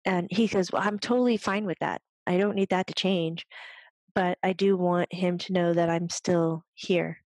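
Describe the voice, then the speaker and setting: A woman's voice: lowish voice, steady tone, normal speed, darkish tone, dry recording. A woman working as a medium on a talk show, chatting casually, laughing often and passing on what a spirit tells her. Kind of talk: casual chat.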